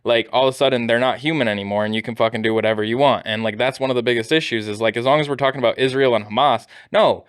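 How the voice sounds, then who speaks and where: A man's voice: medium pitch, steady tone, clean tone, no echo, studio quality. A young man co-hosting a casual podcast, emphatic and profane, speeding up as he argues. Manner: emphatic, profane, fast when making a point. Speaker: podcast co-host.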